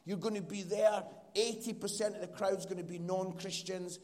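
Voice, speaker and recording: A man's voice: sits high, fairly even intonation, moderate pace, darkish tone. Scottish man preaching with a joking manner. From Scotland, Edinburgh. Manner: chatty and teasing, with many fillers. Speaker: guest preacher and comedian. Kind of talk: casual, joking sermon talk. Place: church hall. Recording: long hall reverb.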